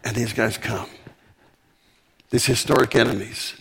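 Gravelly, emphatic male preacher. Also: medium pitch, a little slow, slight background noise. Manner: emphatic, animated preaching with repetitions. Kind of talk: sermon.

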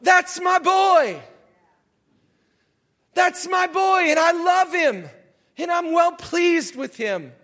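A man voicing a proud, loving heavenly father who shouts his joy. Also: very high-pitched, a little slow, pitched above the performer's own voice, full character voice.

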